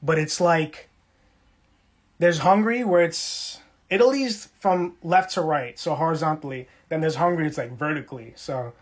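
A man's voice: fairly high pitch, normal speed, slightly rough. A young man from Brooklyn, casually hosting a livestream, reading the chat and teasing viewers playfully. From Brooklyn, New York.

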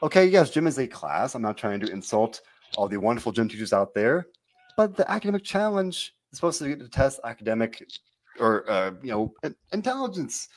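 A man hosting a casual wrestling podcast, talking in an animated, rambling way and often cutting himself off. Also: mid-range voice, fairly quick. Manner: rambling, animated, self-interrupting. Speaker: podcast host. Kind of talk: casual wrestling recap chat.

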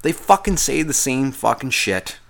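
A man's voice: mid-range voice, lively intonation, normal speed, creaky. A man hosting a podcast, talking in a casual, rambling, profane monologue full of complaints. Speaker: podcast host.

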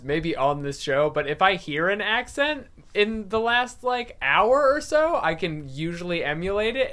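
A podcast host from Massachusetts in casual political chat, jokey and quick. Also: mid-range voice, a bit bright. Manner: jokey, quick, self-deprecating.

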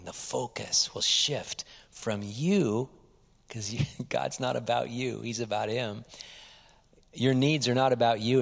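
A male pastor giving a lively, conversational sermon, often dropping to quiet asides. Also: mid-range voice, vocal fry, long reverb tail.

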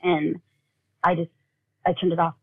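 A woman telling a personal story as an interview guest, in a halting way with many fillers, often acting out what family members said. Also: on the low side, little pitch movement, gravelly, slightly rough. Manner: halting, full of "like", acts out quoted family talk. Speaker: guest, bereaved mother. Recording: tinny phone-like audio.

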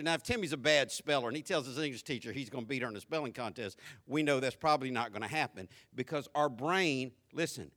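A middle-aged male pastor preaching a sermon, calling out to his congregation and telling stories, rising to animated shouts. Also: a little high. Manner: preaching with audience call-outs and storytelling.

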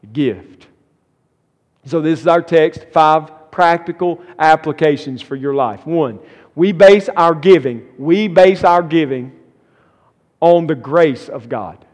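High-voiced preacher in a reverberant church. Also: male voice, lively intonation, slow pace. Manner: reads scripture then preaches with rising emphasis. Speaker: pastor. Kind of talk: sermon. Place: church sanctuary. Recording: long church hall reverb.

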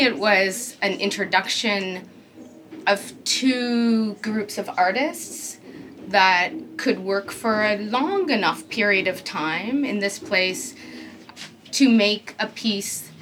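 A woman's voice: mid-range voice, fairly bright tone, a little hiss or hum. A woman curator speaking in a reflective, articulate way in an interview. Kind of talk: interview answer.

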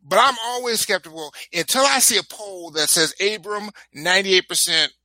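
A man in casual political chat, animated and joking, often repeating words as he talks. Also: high-pitched, moderate pace, no room sound.

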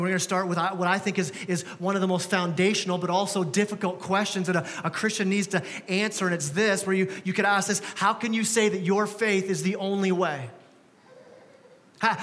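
In a church sanctuary with big-room acoustics, a man preaches a sermon in a high, slightly bright voice. His delivery is conversational, laced with self-deprecating humor.

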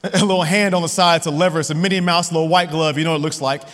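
A pastor in his thirties preaches a chatty, personal sermon, often checking in with the crowd by asking "right?" His voice is fairly high, steady, fairly bright, and racing, heard through a long hall reverb.

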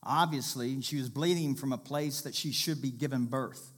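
A man preaching a sermon and reading scripture aloud, with animated, dramatic delivery that jumps between loud and soft, often calling out to the congregation. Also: mid-range voice, normal speed. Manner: calls out to the congregation.

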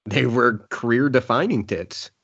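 A man's voice: medium pitch, a little slow, a bit bright, slightly rough, no room sound, dull audio. A man co-hosting a casual movie commentary podcast, blunt and sardonic. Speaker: podcast co-host.

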